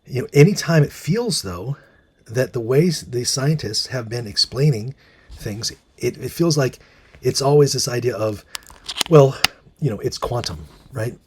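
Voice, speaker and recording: A man's voice: mid-range voice, lively intonation, a little slow, slight background noise. A man hosting a casual monologue, musing with many fillers and restarts and reading out bits of articles. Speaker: host.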